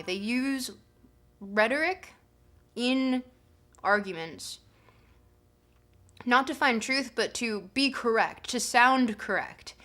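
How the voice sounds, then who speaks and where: A woman's voice: a little high, sharp tone. A woman streamer casually explaining a philosophy text between readings, chatty and giggly with many fillers. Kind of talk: casual live-stream commentary.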